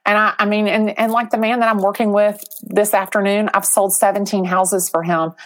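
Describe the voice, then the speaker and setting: A middle-aged woman, a real estate agent, telling a story as an interview guest, animated and acting out the voices of people in it. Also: mid-range voice, moderate pace.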